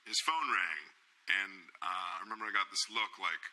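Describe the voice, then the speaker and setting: Bright-voiced man telling a rambling story. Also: sits low, normal speed, poor audio. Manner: rambling, self-mocking, many fillers and restarts. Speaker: talk show guest. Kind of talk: animated anecdote telling. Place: TV studio with audience.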